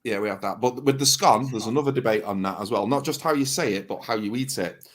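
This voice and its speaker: A man's voice: on the low side, quick pace. Northern english guy, easygoing, plain talking, explaining stuff to mates. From England. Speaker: guest YouTuber on a livestream. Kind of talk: casual chat.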